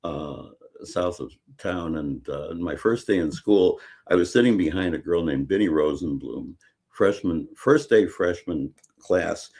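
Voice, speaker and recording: An older man from Chicago, a guest author talking in a casual interview, halting with many fillers and restarts. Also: low-pitched, a little mellow.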